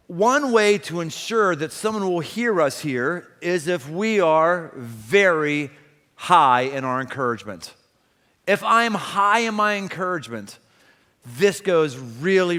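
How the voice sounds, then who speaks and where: A man preaching a sermon as pastor, emphatic and building to loud repeated exclamations in a church auditorium. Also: fairly high pitch, long reverb tail.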